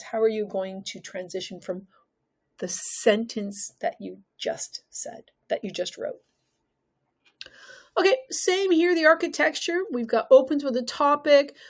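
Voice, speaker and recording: A woman teaching an exam-prep lesson, talking emphatically and putting questions to the viewer. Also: a little high.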